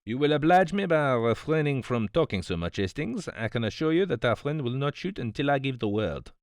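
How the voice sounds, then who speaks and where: A man's voice: mid-range voice, sing-song, brisk, dry recording, studio quality. A man voicing a fussy, smug older detective, politely reproving, in an audiobook. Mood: smug, precise. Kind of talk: audiobook character voice.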